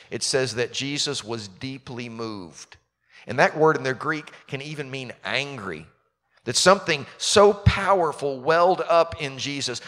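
A man's voice: on the high side, fairly bright tone. A man preaching a sermon as pastor, talking conversationally and asking his listeners questions. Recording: long reverb of a large hall.

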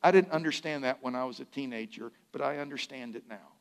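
With a creaky, mid-range voice, an older pastor delivers a conversational sermon and adds humorous asides. He sometimes lowers to a soft, slow emphasis on important phrases.

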